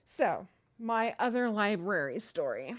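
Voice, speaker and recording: A woman in her thirties hosts a livestream in an unhurried, mid-range voice with no room sound. Chatty and animated, she tells a story casually and reads the chat aloud.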